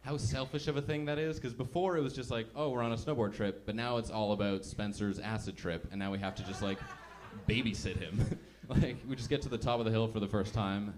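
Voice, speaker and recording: A man's voice: lowish voice, fairly even intonation, brisk, hardly any pauses, a little hiss or hum. A man doing a stand-up comedy set in a club, chatty and self-mocking, acting out little voices as he goes.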